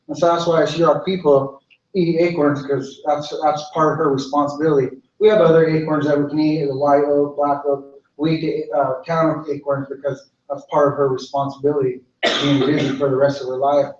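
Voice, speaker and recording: A man, a cultural director, telling a traditional story in a relaxed way, repeating phrases. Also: on the high side, fairly quick. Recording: echoey room, far mic, dull.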